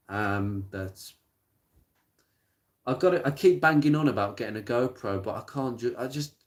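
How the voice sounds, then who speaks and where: A man chatting casually on a live stream about car parts, plain-spoken and rambling, with many pauses and restarts. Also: medium pitch. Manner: rattles off blunt practical advice. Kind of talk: casual live-stream chat answering viewer comments. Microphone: smartphone.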